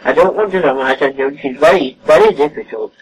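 A woman's voice: low voice, a little fast. An older woman telling a story in an interview at her home, acting out remembered dialogue. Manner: animated, acts out remembered dialogue. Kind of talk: casual storytelling. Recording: distant mic, faint hiss.

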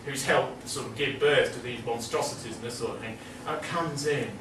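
A man's voice: mid-range voice, normal speed, background noise. Rambling man in an echoey room. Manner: rambling, hesitant, amused. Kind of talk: casual lecture talk. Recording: echoey room, mic far off.

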